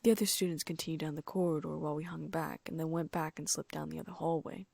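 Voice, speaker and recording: A woman's voice: low-pitched, steady tone, quick pace, vocal fry, a little mellow, no room sound. A woman reading a fan-fiction audiobook aloud in first-person narration. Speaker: audiobook reader.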